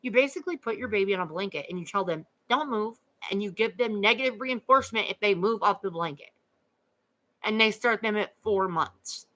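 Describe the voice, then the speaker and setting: A woman hosting a true crime livestream in a casual chat, speaking earnestly and halting as she repeats words and fills gaps while she thinks. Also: mid-range voice, lively intonation, fairly bright tone, low-quality recording. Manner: earnest, talks with many fillers. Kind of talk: casual livestream chat reading viewer comments.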